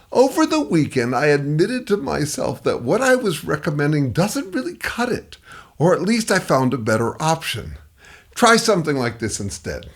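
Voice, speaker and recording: A man's voice: on the high side, sing-song, normal speed. A middle-aged man giving scripted advice commentary, emphatic and acting out the replies he quotes. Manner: emphatic, acts out quoted replies in shifting voices. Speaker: consultant on dealing with difficult people.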